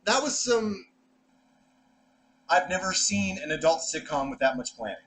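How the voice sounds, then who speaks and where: A young man co-hosting a casual podcast, speaking a little above the usual male pitch. His voice swoops up and down with real animation. He is expressive and jumps from one thought to the next as he talks. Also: normal speed. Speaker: podcast co-host. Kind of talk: casual chat.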